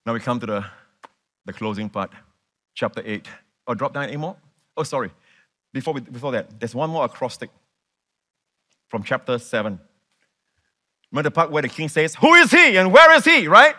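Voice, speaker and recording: A man preaches to his congregation in a bright, ringing voice at an ordinary middle pitch. He is animated and emphatic, doubling back on words and asking his listeners questions. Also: moderate pace, pauses often. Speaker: pastor. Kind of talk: sermon.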